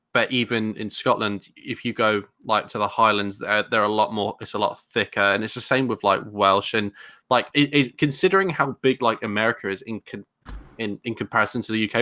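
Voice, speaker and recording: Animated London man, bright voice. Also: lowish voice. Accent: London English. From England. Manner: animated, rambling with many restarts. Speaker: podcast co-host. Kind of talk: casual chat.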